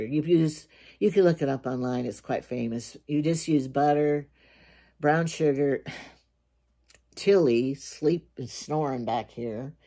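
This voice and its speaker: A woman's voice: extremely low pitch, dark tone. An older woman with grandkids, talking casually to camera in a rambling, chatty way and telling jokes. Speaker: vlogger.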